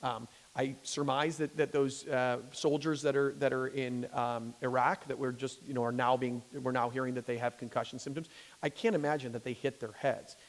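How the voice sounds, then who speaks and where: A man's voice: mid-range voice, little pitch movement, normal speed. A man, a physician, giving a conversational lecture to a lay audience. He often restarts sentences and checks in with "okay?". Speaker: physician giving a public talk. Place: church hall. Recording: long hall reverb.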